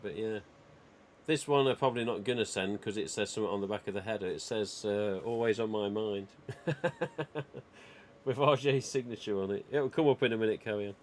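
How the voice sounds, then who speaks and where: Man, low voice, livestream host, rambling casual chat, "you know" fillers. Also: a little fast, a little hiss or hum. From England.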